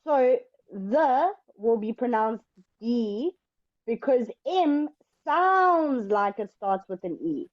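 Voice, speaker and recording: A woman teaching English in an online lesson, explaining step by step in a patient, slow way. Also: fairly high pitch, animated, muffled recording.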